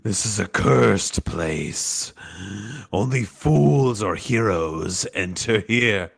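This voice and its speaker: A slow, deeply gravelly ghost, as a game master puts him on, hangs over every word with grim, threatening gravity. He is a possessed male guardian of a cursed shrine in a tabletop game, with a husky, crackling low voice. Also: animated, exaggerated voice. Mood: menacing. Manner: solemn, threatening pronouncements. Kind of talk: game master voicing a creature.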